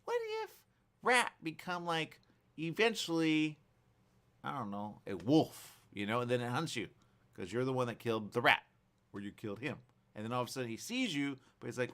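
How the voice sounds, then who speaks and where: Rambling, lively male talk-show host. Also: medium pitch, normal speed. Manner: rambling, animated storytelling with playful what-ifs. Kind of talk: casual chat. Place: studio.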